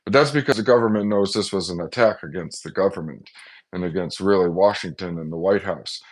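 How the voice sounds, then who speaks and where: A man's voice: low voice, brisk. A man talking casually and agitatedly to his viewers in a one-man vlog, often acting out the voices of others. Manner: agitated, acts out quoted voices, excitable. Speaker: vlogger. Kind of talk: casual monologue to camera.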